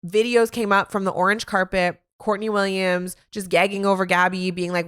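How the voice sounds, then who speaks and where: A woman hosting a solo sports podcast, talking in an animated, opinionated way with quick asides. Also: medium pitch, clean tone. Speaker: podcast host.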